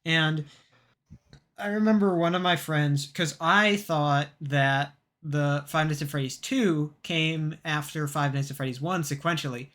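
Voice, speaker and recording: A young man talks through a story on a podcast with a bright, forceful voice. His tone sits a little high for a man, and he rambles and restarts, filling gaps with ums and uhs. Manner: rambling, halting storytelling with many fillers. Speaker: podcast co-host. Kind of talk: casual chat.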